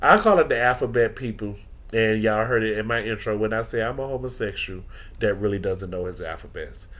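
A man's voice: on the low side, fairly quick, a bit bright. A man hosting a podcast, talking earnestly and openly about his feelings in a preacher-like personal monologue. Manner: earnest, preacher-like, emotionally open. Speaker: podcast host.

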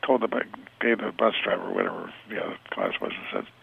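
Older man, interview guest, halting storyteller, raspy, phone-line sound. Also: deep voice, big pitch swings. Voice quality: gravelly, husky. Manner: rambling, halting, many restarts. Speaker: interview guest, retired football scout.

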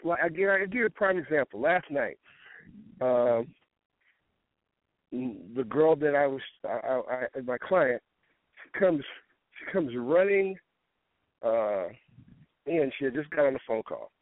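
A man's voice: mid-range voice, expressive, measured pace, pauses often, no echo. Man coaching over a tinny phone line. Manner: rambling, repeats words when starting sentences; tells stories with quoted back-and-forth. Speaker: fitness coach. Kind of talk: casual podcast talk.

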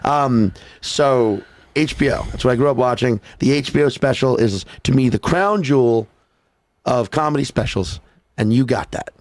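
A man's voice: mid-range voice, moderate pace. A man from Louisiana hosting a podcast, chatting loosely and joking with plenty of swearing. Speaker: podcast host. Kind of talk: casual podcast chat.

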